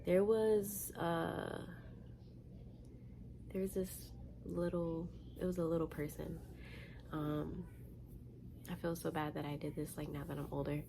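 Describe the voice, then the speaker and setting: A young woman from Florida with a fairly low voice tells a personal story in casual storytime style. She talks animated and slangy, a little tired. Her delivery is chatty and conversational. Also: a little slow, vocal fry, pauses often, background noise. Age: young adult. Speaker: vlogger.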